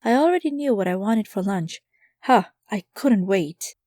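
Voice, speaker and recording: A woman narrating a light first-person mystery audiobook, giving lively voices to the characters. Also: medium pitch, normal speed, no echo, studio quality.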